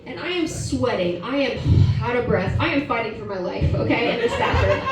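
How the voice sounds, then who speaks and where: On a comedy club stage, a woman in her forties performs a brash, profane stand-up set and chats with the crowd. Her voice runs on the high side, very animated and brisk. The live recording has a roomy venue sound, a distant mic, and audience laughter.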